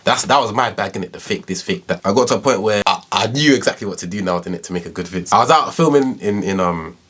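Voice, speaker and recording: A young man in his twenties with a London accent talks through his story with a deep, slightly husky voice. He speaks fast and loosely, piling on slang and tag questions as he reflects. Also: a bit bright. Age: 20s. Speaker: YouTuber. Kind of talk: casual storytelling vlog.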